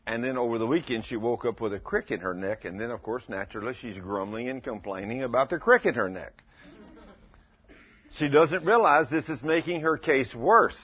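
A man preaches in a folksy storytelling manner, often turning to the congregation with questions. His voice is a bit husky and sits at an ordinary middle pitch. The recording sounds dull and lo-fi. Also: normal speed. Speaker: pastor. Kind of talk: sermon.

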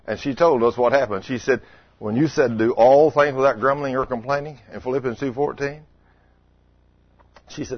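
A man's voice: medium pitch, fairly even intonation, moderate pace, dry recording. A middle-aged man preaching a sermon, telling stories in a folksy, conversational way and putting questions to the congregation. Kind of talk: sermon with storytelling. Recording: dull lo-fi sound.

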